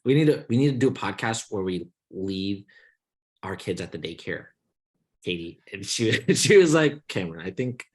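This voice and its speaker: A man's voice: on the low side, animated, normal speed. A young man co-hosting a podcast, telling long rambling stories in casual chat and swearing freely as he mocks the people in them. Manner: rambling storytelling, swears freely, mocking quoted voices. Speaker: podcast co-host.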